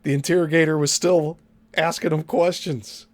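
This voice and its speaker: A man's voice: fairly high pitch, fairly even intonation, normal speed, background noise. A man hosting a commentary show, reacting to a clip with mocking mimicry. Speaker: commentary host.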